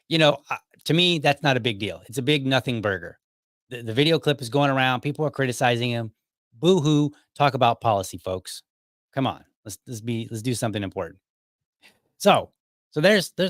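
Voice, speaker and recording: A man's voice: mid-range voice, no echo, studio quality. A man hosting a podcast, talking casually and rambling with frequent asides to his listeners. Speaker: podcast host. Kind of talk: casual commentary monologue.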